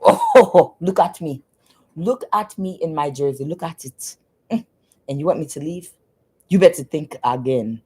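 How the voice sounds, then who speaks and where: A woman putting on a swaggering former athlete man, bragging loudly and mockingly. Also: a bass voice, measured pace, husky, full character voice. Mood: boastful. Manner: loud, mocking, exaggerated bragging.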